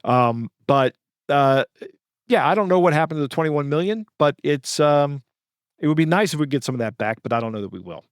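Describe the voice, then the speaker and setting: A man's voice: on the high side, expressive, dry recording. Dry-miked man co-hosting a podcast. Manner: halting, with frequent fillers and self-corrections. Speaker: podcast co-host. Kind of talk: casual podcast chat reading news stories.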